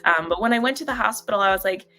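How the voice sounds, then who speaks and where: A woman hosting a casual live stream, greeting viewers by name and talking in a halting way, with many fillers and frequent laughter. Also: mid-range voice, expressive, bright, forceful tone, faint music behind.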